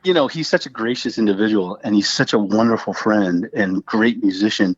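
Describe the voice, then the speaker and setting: A man's voice: lowish voice, a little fast, slightly rough, dry recording. Guy rambling thru stories on a podcast, lots of you know what i mean, dry dull-ish sound. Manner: rambling, animated storyteller with many fillers. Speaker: guest musician. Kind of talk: casual chat.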